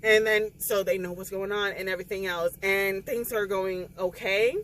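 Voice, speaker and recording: A woman, recapping a novel in a casual spoiler vlog, tearful and animated as she acts out the scenes. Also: medium pitch, normal speed, a little hiss or hum, poor audio. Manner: animated, emotional retelling with quoted dialogue. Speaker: book vlogger.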